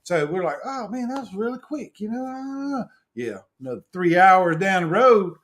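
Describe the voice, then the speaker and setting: With a high-sitting voice at an ordinary pace, this middle-aged co-host of a relaxed live stream spins folksy, lively tales and often breaks into laughter.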